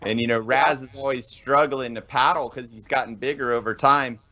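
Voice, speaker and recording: A man's voice: medium pitch, steady tone, a little fast, pushed and bright. A man hosting a podcast, eager and laid-back, calling everyone man and dude. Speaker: podcast host. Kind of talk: casual interview chat. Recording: dull, lo-fi podcast audio.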